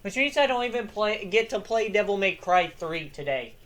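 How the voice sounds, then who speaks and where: A young adult lore channel host in casual commentary, hoarse from yelling and excitable, swearing freely. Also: mid-range voice, moderate pace.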